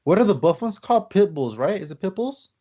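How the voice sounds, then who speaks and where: A man's voice: sits high, very animated, fairly quick, mellow. A man hosting a podcast, telling a long story in casual chat, rambling with lots of fillers. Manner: rambling, many fillers, acts out quotes. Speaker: podcast host. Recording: slightly dull lo-fi podcast audio.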